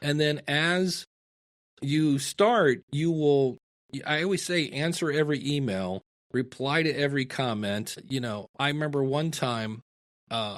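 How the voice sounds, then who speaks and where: A middle-aged man from Ohio, a podcasting guest, telling stories in a casual interview and acting out the dialogue in them. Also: medium pitch. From Ohio, USA. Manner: animated storyteller, acts out quoted dialogue.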